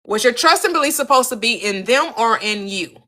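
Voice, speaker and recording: A woman's voice: on the high side, animated, fairly quick, bright, forceful tone. A woman hosting a live-stream about manifestation, talking animatedly to her viewers, repeating her questions for emphasis and acting out little quoted scenes. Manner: addresses viewers by name. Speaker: manifestation coach and host. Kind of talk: live-stream teaching chat.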